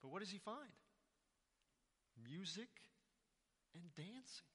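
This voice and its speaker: A male pastor preaches in a high, very lively voice that swoops up and down, chatting with the congregation through rhetorical questions. His tone is crisp and very bright, and it echoes through a reverberant hall. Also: slow. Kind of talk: sermon.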